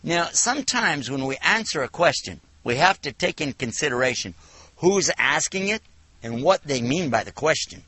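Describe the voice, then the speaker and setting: A man from the United States giving a televised religious lecture, telling stories with animated, acted-out dialogue. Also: a little high, normal speed, no echo. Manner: animated storytelling, acts out dialogue. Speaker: Islamic lecturer.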